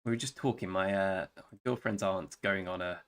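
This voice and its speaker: A man's voice: low-pitched, moderate pace, clear, resonant tone. A man with an English accent chatting casually on a live gaming stream, rambling and wry as he answers viewers by name. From England. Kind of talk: casual live-stream chat while playing a strategy game.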